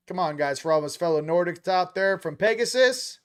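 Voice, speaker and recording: A man's voice: fairly high pitch, fast, few pauses. A man hosting a casual spiritual card reading, joking and slangy with frequent laughs. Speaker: host of a spiritual reading show.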